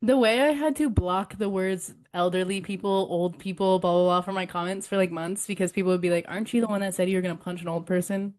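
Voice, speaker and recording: A woman's voice: medium pitch, steady tone, quick pace, few pauses, a little mellow. A young adult woman co-hosting a podcast in casual chat, loose and candid, laughing easily. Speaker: podcast co-host.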